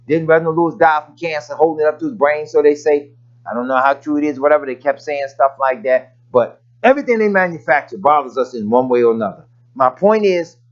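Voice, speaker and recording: A man's voice: medium pitch, highs cut off. A man preaching a sermon in a conversational way, with folksy asides and scripture readings.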